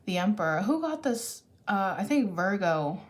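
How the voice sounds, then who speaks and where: A caffeinated tarot reader, a woman with a medium-pitched, sing-song voice, gives a casual reading at a moderate pace. She's chatty and thinks aloud, restarting and correcting herself along the way.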